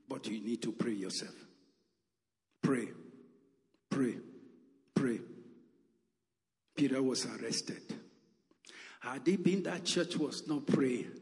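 A man's voice: mid-range voice, darkish tone, in a large hall. A man preaching a sermon with emphatic calls and repeated exclamations.

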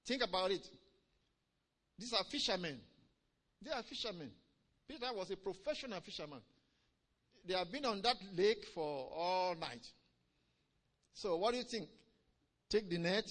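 A man preaching a sermon, swinging between loud emphatic lines and low quiet ones, drawing out key words and calling "Amen?" to the congregation. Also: lively intonation. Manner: drawn-out stresses on key phrases.

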